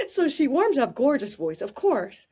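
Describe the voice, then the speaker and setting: A woman telling anecdotes in a casual interview, animated and quick to laugh. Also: high voice.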